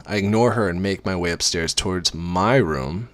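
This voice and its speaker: A man with a deep, low voice reads a first-person romance parody aloud. He narrates casually, now and then slipping in wry, offhand asides. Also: moderate pace, no echo. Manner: wry asides mid-reading. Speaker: reader.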